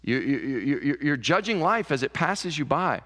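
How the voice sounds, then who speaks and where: A pastor preaches to his congregation in a church sanctuary, his voice sitting a little high for a man. He talks in an animated way and repeats words as he builds toward a point. A long reverb from the large hall trails behind each phrase. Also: normal speed. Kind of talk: sermon.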